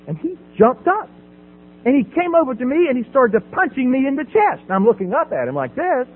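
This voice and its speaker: High-voiced man telling his story, tinny. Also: wildly swooping pitch, fairly quick. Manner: storytelling, acts out voices in dialogue, laughs at himself. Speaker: speaker sharing his recovery story. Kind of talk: personal testimony from a podium. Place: meeting hall at a podium. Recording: tinny phone-like sound with mains hum.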